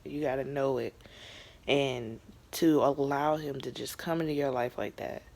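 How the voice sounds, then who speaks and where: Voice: medium pitch, steady tone, moderate pace, gravelly, a little mellow. A young adult recapping a TV episode in a casual vlog, talking in a chatty, emotional way with lots of fillers and some whispered asides. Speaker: TV show reviewer.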